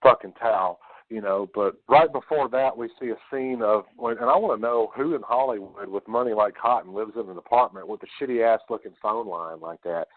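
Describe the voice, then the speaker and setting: A man hosting a podcast, retelling a film scene in a casual, profane, animated way. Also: on the low side, fairly quick. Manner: swears a lot, animated retelling. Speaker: podcast host. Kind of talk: casual movie discussion. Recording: tinny phone-like lo-fi audio.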